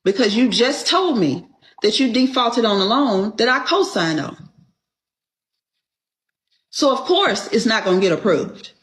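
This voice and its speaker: A woman speaks unhurriedly in a slightly high voice, telling a personal story in casual, profane talk. She sounds indignant, acts out the people in her story, and keeps checking in with a rhetorical "Okay?". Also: very animated, measured pace, pauses often, low-quality recording. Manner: acts out quoted dialogue.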